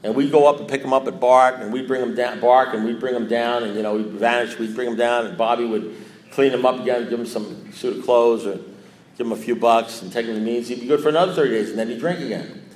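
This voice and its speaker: A man's voice: medium pitch, fast talker. Rambling man telling a story, echoey room. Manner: repetitive, self-mocking, acts out quoted lines. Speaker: speaker sharing a recovery story.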